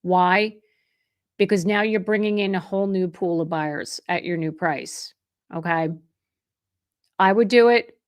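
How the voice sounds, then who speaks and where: Speaking low and unhurried with long pauses, this middle-aged real estate agent runs a livestream Q&A, responding to chat in a conversational way. She frequently restarts and corrects herself mid-sentence, and her warmth toward viewers is openly emotional and effusive.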